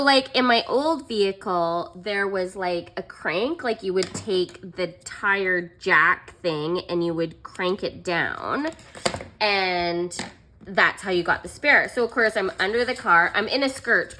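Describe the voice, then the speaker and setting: Chatty self-mocking woman vlogger, bright voice. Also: on the low side. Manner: chatty, self-mocking, laughs often, fillers like "like" and "um". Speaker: planner vlogger. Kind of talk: casual storytelling while decorating a planner.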